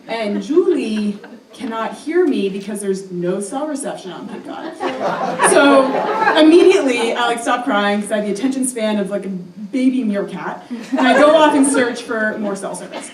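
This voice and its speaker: A young woman tells a personal story live on a stage, chatty and self-mocking, her speech full of "um" and "like". Her voice sits a little high, and it comes from some way off in a roomy hall with a faint hiss behind it. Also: expressive, moderate pace, far from the mic, over a noisy crowd. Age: young adult.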